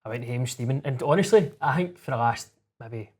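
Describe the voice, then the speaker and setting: A Scottish man co-hosting a casual podcast chat over whisky in a lounge, telling stories in quick bursts and swearing freely. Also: mid-range voice, breathy edge. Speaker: podcast co-host.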